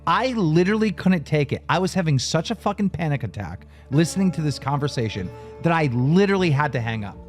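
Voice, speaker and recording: A man's voice: a little high, a little fast, soft background music. A man telling a heated story about a phone call on a talk show, swearing often and speaking with strong emphasis. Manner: profane, emphatic and animated.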